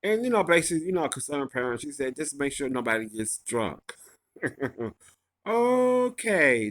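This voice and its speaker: A man's voice: medium pitch, fairly bright tone. A man casually recapping a reality show episode, rambling and gossipy, full of fillers and restarts.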